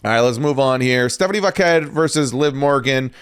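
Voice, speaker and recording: A young man co-hosting a casual podcast. He talks in a relaxed, rambling way, full of fillers and restarted sentences. His voice sits at an everyday middle pitch. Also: brisk, clear, resonant tone. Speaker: podcast co-host.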